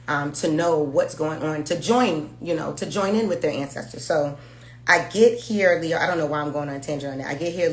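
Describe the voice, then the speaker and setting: A woman's voice: deep voice, roomy sound. A woman giving a casual tarot reading, talking frankly, swearing and laughing freely. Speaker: tarot reader.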